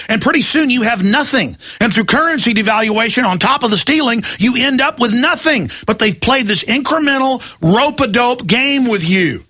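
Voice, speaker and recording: A man hosting a talk radio show, yelling and ranting about politics and mocking what he opposes in put-on voices. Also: extremely high pitch, expressive, moderate pace, hardly any pauses. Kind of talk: impassioned political radio rant.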